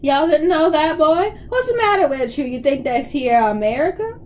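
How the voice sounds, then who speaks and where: A woman putting on a father clowning in a thick mock Southern drawl, teasing and playful. The voice climbs high and swings widely as the jokes build. Light background noise sits under the reading. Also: lively intonation, normal speed, a little mellow. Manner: teasing, drawling, rising pitch.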